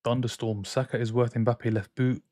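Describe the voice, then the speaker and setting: A man's voice: mid-range voice, flat delivery, moderate pace, dark tone, no room sound, clean studio sound. A young man hosting a football watchalong stream, casually reading out viewer chat and giving strong opinions. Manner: reads out and answers viewer chat, opinionated banter. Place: home streaming room in France.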